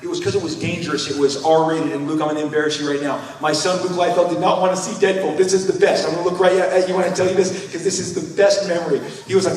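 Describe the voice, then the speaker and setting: A man in his fifties telling animated, rambling stories on a convention panel, stammering and acting out quotes. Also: high voice, moderate pace. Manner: excitable, rambling, stammering restarts, acts out quotes. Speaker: panel guest, comic creator. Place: large convention hall. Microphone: recorded from far off in the audience. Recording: echoey convention hall from far off.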